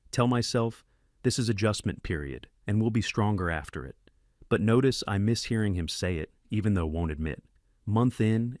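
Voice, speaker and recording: A man's voice: sits low, a little mellow, no room sound, studio quality. A man narrating a first-person story in terse, clipped sentence fragments.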